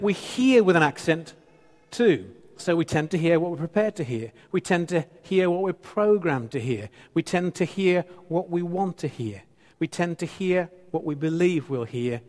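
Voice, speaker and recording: Fifties male pastor, echoing church hall. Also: on the high side. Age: 50s. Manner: playful, teasing with the congregation, repeats phrases for emphasis. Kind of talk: sermon.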